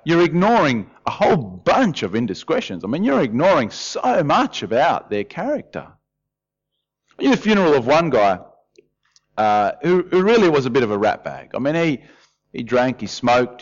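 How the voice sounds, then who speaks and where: A man's voice: medium pitch, lo-fi sound. A man preaching a sermon in a conversational way, often acting out voices. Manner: lively, conversational, often acts out quoted voices. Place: church hall.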